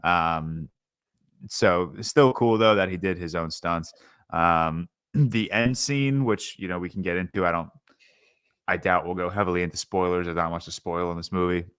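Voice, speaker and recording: In a low, smooth, fairly bright voice at a moderate pace, a young podcast co-host reviews a movie casually. He rambles, filling his talk with fillers and false starts, and the studio-quality recording has no echo.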